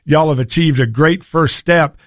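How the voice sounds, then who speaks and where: Folksy talk radio host, dry sound. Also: male voice, a little high, moderate pace, fairly bright tone, no room sound. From Tennessee. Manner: folksy, combative opinion delivery.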